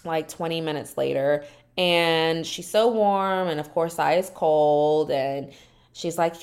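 Solo woman podcast host, low-ish voice, sassy casual recap chat with exaggerated put-on quotes. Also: slow pace, darkish tone. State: dry mouth.

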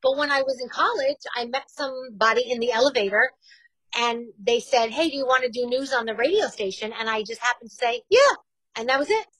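A woman's voice: on the high side, fairly quick, fairly bright tone, no room sound, low-quality recording. A woman in her forties with a New York accent, a radio host talking candidly and chattily in an interview, laughing easily. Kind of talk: casual interview chat.

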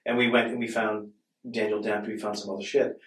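A man's voice: lowish voice, flat delivery, a little fast. A man guesting on a podcast, telling playful anecdotes in a casual way. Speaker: podcast guest, comedian and wine buyer. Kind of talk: casual storytelling. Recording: roomy sound from a distant mic.

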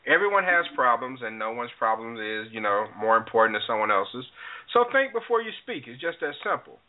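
A man hosting a call-in talk radio show, giving lively, lecturing commentary. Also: medium pitch, a little fast. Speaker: radio host. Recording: tinny phone-like sound.

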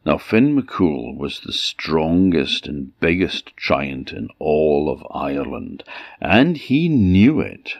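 A man from the Orkney Islands with an Orkney Scottish accent, telling a folk tale in a lively, dramatic way. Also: a bass voice, takes it slowly, vocal fry, no echo, muffled recording. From Orkney Islands, Scotland. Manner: lively, shifts volume for drama. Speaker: storyteller.

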